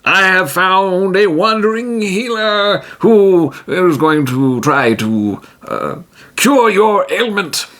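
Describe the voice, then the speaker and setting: A man voicing a pompous heroic adventurer with a grand, theatrical manner, high above his own voice and slow. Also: expressive, a bit bright, full character voice. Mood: grandly heroic.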